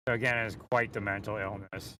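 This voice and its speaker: A man's voice: on the low side, gravelly, pushed and bright, a little hiss or hum. A man speaking in a rambling way from inside a moving vehicle, laughing often between thoughts, sometimes leaning away from a mounted mic. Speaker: vlogger. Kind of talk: rambling monologue while driving.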